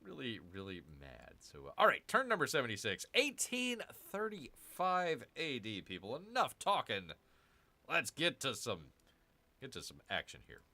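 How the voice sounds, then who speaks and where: A man's voice: mid-range voice, huge pitch swings, moderate pace, pushed and bright. A man hosting his own gaming channel, chatting casually as he plays a strategy game, rambling and correcting himself with jokey asides to viewers.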